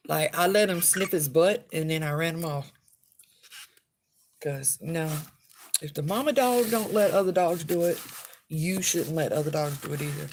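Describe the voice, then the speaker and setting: A woman making spell oils in a casual vlog, talking bluntly and plainly, with a relaxed down-home drawl. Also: sits low, moderate pace, slight background noise. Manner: blunt and outspoken.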